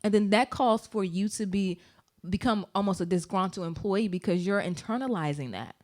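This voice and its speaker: A woman's voice: medium pitch, moderate pace. A woman co-hosting a casual podcast, talking emphatically and giving advice through anecdotes. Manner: mimics voices when quoting people. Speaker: podcast co-host.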